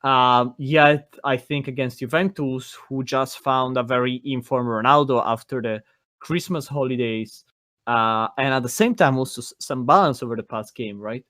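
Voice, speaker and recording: Male co-host, mid-pitched, thoughtful and chatty, dry close recording. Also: normal speed, fairly bright tone, no echo. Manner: thoughtful, conversational, checks in with "right?". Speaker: podcast co-host. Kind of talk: casual football analysis.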